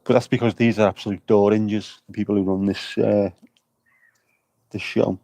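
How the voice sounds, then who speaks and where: A man banters and rambles through a casual livestream, cracking jokes as he goes. His voice sits low and mellow, with a dry, close sound. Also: flat delivery, normal speed, no room sound. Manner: jokey, rambling banter with chat. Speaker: vlogger livestreaming at an air show. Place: outdoors at an air show.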